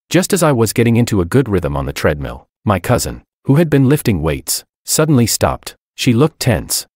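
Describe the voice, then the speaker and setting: A man narrating a story in the first person in a calm, detached manner, on a close mic. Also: deep voice, brisk, few pauses, dry recording.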